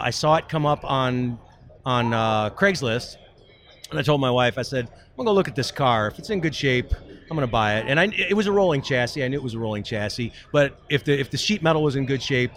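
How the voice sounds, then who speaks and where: A man's voice: medium pitch, fairly bright tone. A man chatting casually as a podcast guest, a jokey, chatty storyteller.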